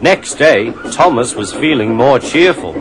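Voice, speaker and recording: A man narrating a children's storybook in an expressive, storytelling way, with music behind. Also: medium pitch, unhurried, background noise.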